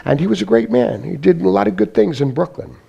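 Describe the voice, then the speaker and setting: A man speaks in a slightly raised register with a gravelly edge, giving his testimony to a church group. He talks loosely and conversationally, circling back with "you know" as he goes. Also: high-pitched, big pitch swings, fast talker, warm tone, dull audio. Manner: rambling storyteller, leans on "you know". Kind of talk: informal spoken testimony to a congregation. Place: church meeting.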